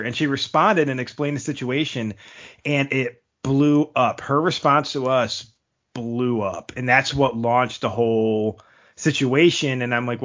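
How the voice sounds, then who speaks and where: A man's voice: medium pitch, moderate pace, fairly bright tone. A man in his thirties hosting a podcast, chatting casually in rambling stories that he laughs through. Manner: rambling, laughs often between phrases. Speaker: podcast host. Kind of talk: casual chat. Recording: dull lo-fi recording.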